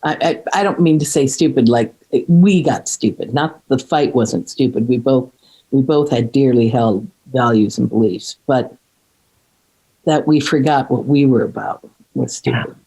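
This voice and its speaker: Middle-aged woman, earnest and halting, mellow dark tone, slightly husky. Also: very deep voice, rough recording. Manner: earnest, halting, many restarts and fillers. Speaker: podcast guest. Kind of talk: reflective conversation.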